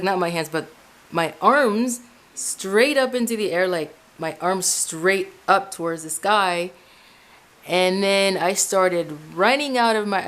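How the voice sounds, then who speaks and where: A medium-pitched woman from Ecuador shares her personal spiritual testimony from her room at home. She talks straight to her audience as "guys", keeping it casual and lively while frequently starting over and repeating phrases.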